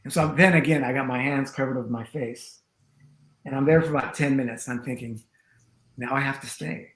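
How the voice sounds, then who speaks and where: A man with a mid-pitched voice tells a long personal story in a loose, rambling way. He keeps dropping in "you know" and acts out little snatches of dialogue. The recording sounds roomy, with a noticeable echo around him. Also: steady tone, fast. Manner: chatty and rambling, full of "you know" and acted-out quotes. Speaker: tantra teacher, interview guest. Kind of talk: storytelling in a conversation.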